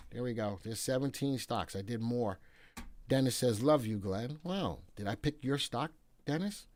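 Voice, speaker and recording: A talkative man runs a casual stock market livestream, answering viewers and reading out tickers in a playful, bantering way. His voice sits at an ordinary middle pitch and is recorded close and dry, with no room sound around it. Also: no room sound.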